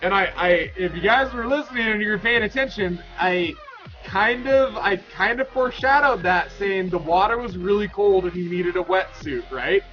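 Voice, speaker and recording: A man in his thirties telling a story to his Twitch chat, rambling and excitable with lots of restarts. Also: high-pitched, moderate pace, dull audio, soft background music. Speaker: Twitch streamer. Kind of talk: casual storytelling to stream chat.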